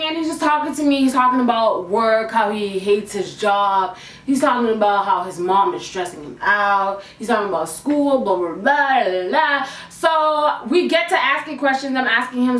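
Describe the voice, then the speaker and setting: A woman's voice: on the high side, normal speed. A young adult woman telling a storytime tale from her bedroom, in a playful, slangy, conversational way. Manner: animated, playful and conversational, with a raised on-camera voice. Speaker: YouTuber telling a personal story. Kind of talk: storytime vlog, casual slangy chat. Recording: echoey room, mic at a distance.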